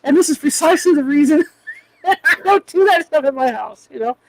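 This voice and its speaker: Fast-talking high-voiced woman host. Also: animated, a little mellow, a little hiss or hum, rough recording. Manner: chatty, frequent word repeats and restarts. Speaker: podcast host. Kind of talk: casual interview chat.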